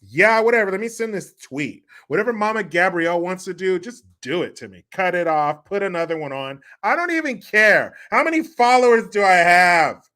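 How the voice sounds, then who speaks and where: A man voicing a bored teenage boy glued to his phone, answering in a flat, indifferent mumble. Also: high-pitched, moderate pace, hardly any pauses.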